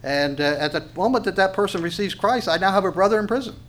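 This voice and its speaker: Man preaching, somewhat high voice. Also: lively intonation, fast talker, fairly bright tone. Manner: asks questions and answers them himself; restarts and repeats phrases for emphasis. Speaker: pastor. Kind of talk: sermon with scripture reading.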